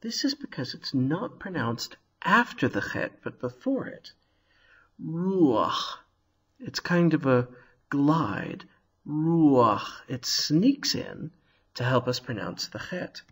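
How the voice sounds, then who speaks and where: A man teaching a video lesson on Hebrew vowels, slowly and carefully sounding out each word. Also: on the high side, sing-song, a bit bright, husky. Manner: slow, careful sounding out of words.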